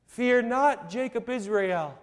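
A man preaching a sermon, slow and emphatic, with repeated rhetorical questions. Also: very high-pitched, in a large hall.

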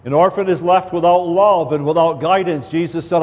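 A man preaching an expository sermon, slow and deliberate, stressing key words and sometimes repeating himself as he drives a point home. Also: a little high, steady tone, darkish tone. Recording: long hall reverb.

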